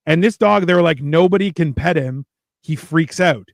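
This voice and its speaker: A man with a gravelly, slightly high voice hosts a loose, swearing-heavy chat and rambles through his stories. The sound is dry and close. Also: moderate pace, no room sound. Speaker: podcast host. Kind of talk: casual chat.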